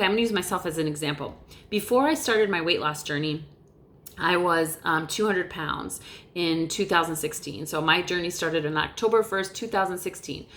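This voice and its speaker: A middle-aged woman giving a casual motivational talk to camera, animated and emphatic, swearing casually. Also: lowish voice. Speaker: motivational vlogger. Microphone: camera mic, looking off-lens.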